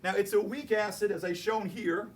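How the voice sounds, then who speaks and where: A man's voice: high voice, steady tone, normal speed. A man teaching a chemistry class, explaining and joking with his students as he goes. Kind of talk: classroom lecture.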